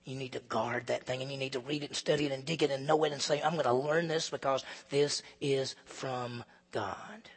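A man preaching a sermon in a church, emphatic, swinging between loud peaks and low, quiet stretches. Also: steady tone, fairly quick, husky. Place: church sanctuary. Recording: long reverb of a large hall.

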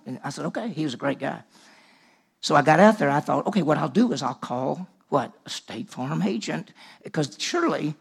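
A man's voice: fairly high pitch, expressive, brisk, vocal fry, breathy edge. A man preaching to a room, telling a personal story and acting out the dialogue, originally from Mississippi. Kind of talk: sermon storytelling. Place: large room with audience.

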